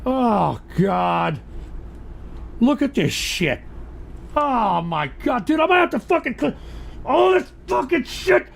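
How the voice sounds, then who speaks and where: A male stream host in a profane, angry rant, yelling curses at his audience. His voice sits very high and has a heavy gravelly rasp. He lets the words drag out slowly. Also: sing-song. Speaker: live-stream radio host.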